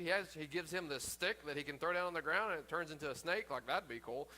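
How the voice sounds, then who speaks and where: A man's voice: a little high, fast talker, few pauses, bright, forceful tone. A man pastor preaching a sermon in an earnest way, often repeating himself and restarting his sentences.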